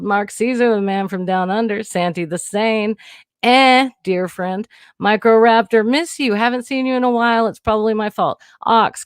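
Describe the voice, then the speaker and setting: A woman hosts a casual livestream, nervous and emotional, rambling candidly with frequent restarts and swearing. Her voice is a little high and clean. Using a new studio mic, she sounds studio quality, with no room sound.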